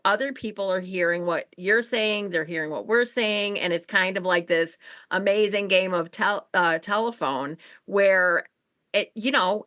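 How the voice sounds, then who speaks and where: A chatty woman co-host with a bright, forward tone, talking casually in loose run-on sentences. Her voice is close and dry, with no room sound around it. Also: medium pitch, no room sound. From Chicago. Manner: chatty, rambling, many fillers and restarts. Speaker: podcast co-host. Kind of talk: casual conversational interview.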